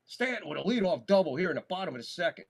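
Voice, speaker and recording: Fairly high-pitched, gravelly and husky, this man talks in an animated, rapid-fire way as he hosts live baseball commentary on a stream. The play-by-play is casual and talky, full of free swearing, and it gets loud when big plays come.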